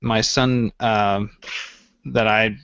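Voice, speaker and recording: A man's voice: lowish voice, steady tone, drawn-out words, vocal fry, fairly bright tone, clean tone, no echo. A man co-hosting a casual gaming podcast, rambling through stories and acting out what he thought at the time. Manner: rambling storyteller, acts out his own past thoughts. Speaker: podcast co-host. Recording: dull, slightly lo-fi dry sound.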